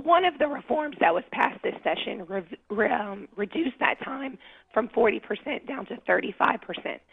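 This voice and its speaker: A woman talks over a tinny phone line, her high voice hoarse and gravelly as she loses it. She explains things earnestly and keeps clearing her throat. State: losing her voice. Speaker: corrections department official, phone guest. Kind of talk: radio interview.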